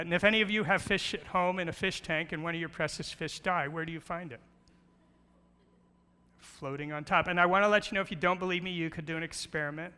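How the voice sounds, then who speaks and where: Middle-aged guy doing a fun church talk, bright voice, a bit high, big echoey hall. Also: clear, resonant tone. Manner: playful, storytelling with jokes and rhetorical questions. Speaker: guest speaker on creation. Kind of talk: church presentation with slides. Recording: long hall reverb.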